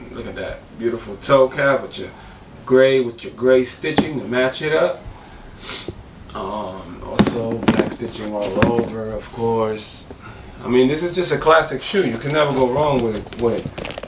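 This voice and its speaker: A hoarse man chats through a sneaker review with a lot of slang and eager rambling. His voice cracks now and then. He sits back from the mic in an echoey room with clear noise behind him. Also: mid-range voice, distant mic.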